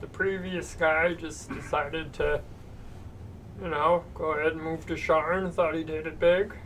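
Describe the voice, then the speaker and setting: A man, the game master, voicing a gnome shopkeeper named Deborah in a strained, nasal throat voice with a slow, hesitant drawl. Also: fairly high pitch, steady tone, voice pushed up. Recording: distant mic with background noise.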